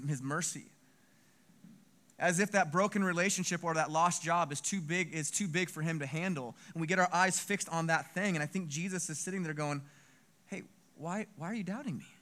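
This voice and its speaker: Bright, high-voiced preaching man. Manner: animated storytelling, acts out quoted lines. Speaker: pastor. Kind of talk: sermon.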